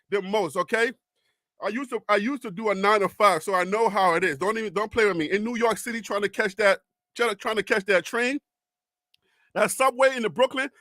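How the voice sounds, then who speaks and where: A middle-aged Liberian man hosts a live show at full volume, calling out viewers by name. His voice sits very high and sounds bright and forceful. The sound is dry and close, and he is often out of breath. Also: dry recording. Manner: loud, shouty, hyped, talks to chat by name. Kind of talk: high-energy live stream chat.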